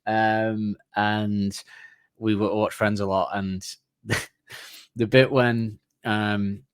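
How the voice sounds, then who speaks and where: A man chatting on a podcast, his voice sitting a little low and sounding dry and close to the mic. He rambles through scenes he loves, restarting his sentences and laughing as he goes. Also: flat delivery, drawn-out words, clear, resonant tone, dry recording. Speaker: podcast co-host. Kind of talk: casual chat.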